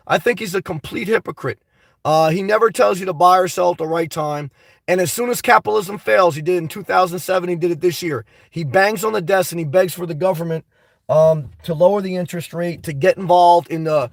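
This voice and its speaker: A man hosting a casual live stream, reading viewer comments and rambling about them in an animated way. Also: high voice, vocal fry, no room sound, studio quality, distant mic.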